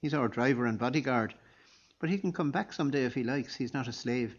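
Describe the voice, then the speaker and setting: Brief: a man playing a polite practical guest, husky, muffled recording. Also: mid-range voice, fairly quick, lightly acted. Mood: courteous.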